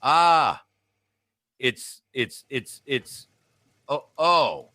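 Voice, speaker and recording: A man's voice: medium pitch, very animated, drawn-out words, bright, forceful tone, no echo, exaggerated voice. A man playing a frantic male radio reporter describing an airship disaster, breathless and overwhelmed. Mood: distraught. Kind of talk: 1930s radio news reenactment.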